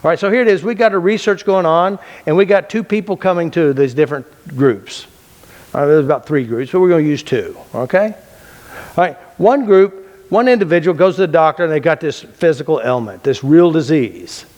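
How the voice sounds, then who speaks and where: A man's voice: fairly high pitch, lively intonation, fairly quick, darkish tone. A man teaching a class in a mind-body healing method, talking casually and bluntly. He repeats key phrases and asks and answers his own questions. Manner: casual and blunt, with loose restarts. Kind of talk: unscripted classroom lecture.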